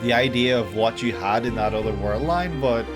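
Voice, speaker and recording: A man's voice: mid-range voice, moderate pace, loud music behind the voice. A man with an Irish accent giving casual reaction commentary on an anime, gushing, laughing and thinking aloud with restarts.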